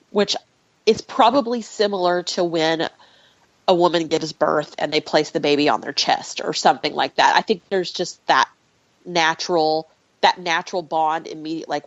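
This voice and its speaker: Lower-voiced woman telling a personal story. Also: no echo, lo-fi sound. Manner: animated, emotional retelling with frequent laughs. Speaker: podcast guest. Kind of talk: personal storytelling in a podcast interview.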